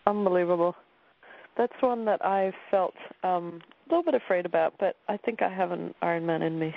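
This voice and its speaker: A man's voice: sits high, brisk, vocal fry. A man hosting an interview, chiming in with brief encouraging responses. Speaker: host. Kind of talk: casual chat. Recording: tinny phone-like line.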